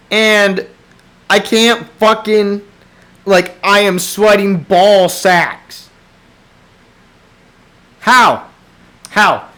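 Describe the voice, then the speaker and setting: A man's voice: high-pitched, very slow, long pauses. A young man hosting a solo podcast, rambling and swearing as he rants into a desk microphone in a small room. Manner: profane, rambling, animated rants. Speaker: podcast host.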